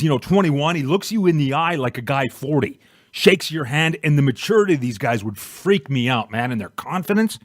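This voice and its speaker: Man, forties, podcast host, self-deprecating jokes, casual chat, medium pitch, dry close sound. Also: no room sound. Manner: self-deprecating, joking, relaxed. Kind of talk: casual comedic interview chat.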